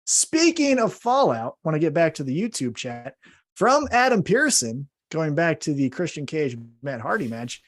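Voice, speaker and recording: A man co-hosting a wrestling podcast, recapping matches in casual chat with animated storytelling and quick self-corrections. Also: a little high. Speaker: podcast co-host.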